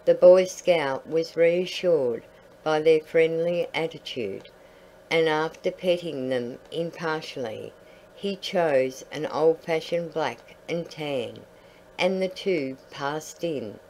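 A woman reading a storybook aloud in a calm, measured way. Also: sits low, slight background noise, poor audio.

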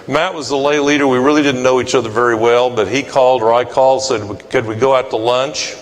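A man's voice: medium pitch, fairly even intonation, a little fast, in a large hall, rough recording. A male pastor preaching a sermon, telling a personal story in a folksy way and acting out the people in it. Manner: folksy, acts out quoted voices. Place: church sanctuary.

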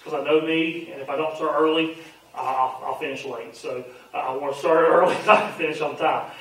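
A man's voice: fairly high pitch, steady tone, a little fast, distant mic. A man, a pastor teaching a Bible study in a folksy, earnest, conversational way with frequent fillers. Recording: very echoey room, voice off-mic with faint hum.

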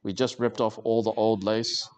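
A man's voice: lowish voice, flat delivery, moderate pace, a little mellow. A man livestreaming while he crafts, chatting casually with viewers in a rambling, joking way with lots of fillers. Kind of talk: casual live-stream chat while crafting.

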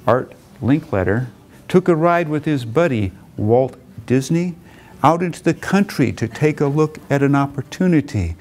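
A man giving an earnest, reflective lecture who tells stories and slows down and drops low for emphasis. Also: darkish tone. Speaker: motivational lecturer.

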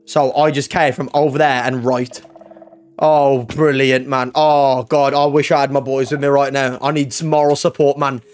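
A man's voice: mid-range voice, flat delivery, moderate pace. A young man giving live gameplay commentary, swearing, yelping and screaming in panic, and talking to his chat. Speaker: gaming YouTuber.

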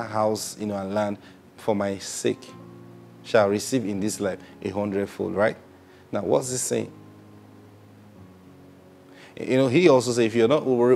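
A man delivering a sermon at a middle pitch, firing rhetorical questions at his listeners and answering them himself. He repeats key phrases and acts out the voices of the people he describes, with faint music behind him. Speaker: preacher.

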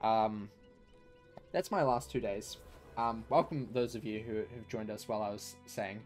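A man's voice: fairly low pitch, unhurried, darkish tone, soft background music. A man who streams live, telling a long story in casual chat to his viewers, rambling with fillers and restarts.

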